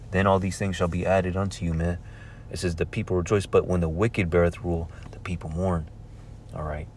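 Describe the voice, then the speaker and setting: A man with a low, slightly mellow voice preaches informally from scripture, reading verses aloud in old-fashioned wording. Between them he talks conversationally, checking in with "all right?" and "man," and a little hiss or hum sits under the audio.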